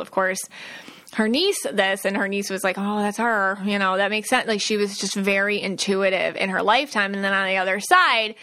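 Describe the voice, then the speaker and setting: A woman's voice: mid-range voice, bright, forceful tone. A woman hosting her own podcast as a psychic medium, talking casually with many fillers and acted-out quotes. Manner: chatty, lots of fillers and quoted asides. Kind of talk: casual solo podcast talk.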